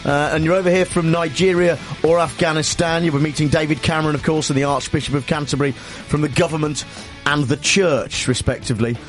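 A man's voice: fairly high pitch, fairly even intonation, a little fast, faint music behind. A man hosting an afternoon talk radio show, rambling through sardonic banter. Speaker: radio host. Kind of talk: comic radio show opening.

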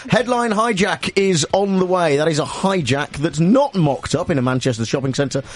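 A man's voice: a little high, animated, normal speed. A man hosting an afternoon talk radio show, rambling through sardonic banter. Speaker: radio host. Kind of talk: comic radio show opening.

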